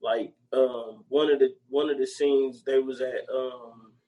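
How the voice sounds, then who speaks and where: A man's voice: medium pitch, steady tone, measured pace, mellow, lo-fi sound. A man co-hosting a podcast in casual chat, rambling and full of slang and repeated filler phrases. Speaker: podcast co-host.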